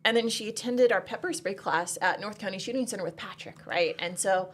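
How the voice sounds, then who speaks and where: Fast-talking chatty woman. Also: mid-range voice. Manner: chatty, upbeat, fond of "like". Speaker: women's shooting program leader. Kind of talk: casual podcast conversation.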